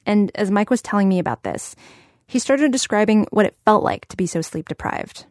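A woman's voice: medium pitch, animated, a little fast, darkish tone, dry recording. Dry, conversational woman narrator. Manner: clear, conversational storytelling. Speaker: host and reporter. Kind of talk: scripted narration. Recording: dry studio sound.

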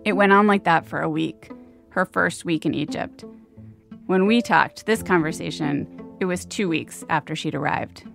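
A woman hosting and narrating a documentary program in a measured, calm way. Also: lowish voice, vocal fry, soft background music. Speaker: host and narrator.

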